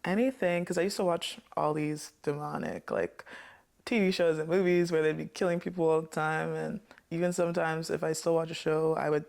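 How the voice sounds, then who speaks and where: A woman from the Caribbean speaks as an interview guest, her voice carrying a gravelly edge. She tells her stories in an animated, playfully fierce way. She laughs often as she talks. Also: deep voice, a little fast. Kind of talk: casual storytelling interview.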